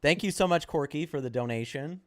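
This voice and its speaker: A man's voice: on the high side, brisk. A man co-hosting a livestream, who talks loosely with jokes and a lot of filler words. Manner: loose, joking, filler-heavy. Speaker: co-host. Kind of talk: casual livestream chat.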